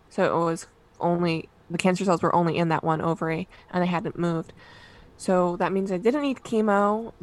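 A young woman, a podcast guest, speaking candidly in casual chat, telling a personal story with light self-deprecating humor. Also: fairly low pitch.

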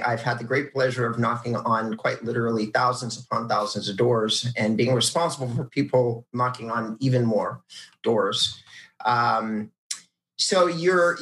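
A man's voice: mid-range voice, a bit bright. A man hosting an interview, talking casually with plenty of ums and uhs. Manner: halting, many ums and uhs. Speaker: podcast host. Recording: roomy echo.

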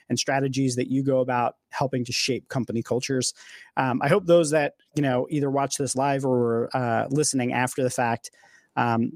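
A man's voice: mid-range voice, no room sound, studio quality. A man hosting a casual podcast conversation, enthusiastic and loose, with lots of fillers and repeated words. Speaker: podcast host.

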